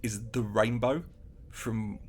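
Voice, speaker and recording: A man's voice: fairly low pitch, fairly even intonation, slow pace, a little hiss or hum. A man co-hosting a podcast, chatting casually and animatedly, with many restarts, acting out little quotes. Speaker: podcast co-host. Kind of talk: casual chat.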